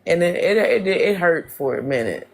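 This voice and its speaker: A guest on a livestream talking about losing a grandmother and faith, halting, restarting and filling with "like". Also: medium pitch, lively intonation. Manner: slow, halting, many restarts and "like"s. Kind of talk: casual chat.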